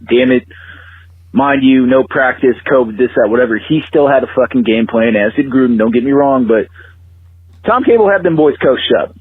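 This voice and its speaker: A man calls in over a thin, tinny phone line, his voice husky and a little rough. He rants bluntly and profanely, hammering home each complaint about the team. The line squeezes his voice down to a narrow band. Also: mid-range voice, normal speed. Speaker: phone-in caller. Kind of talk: phoned-in fan rant.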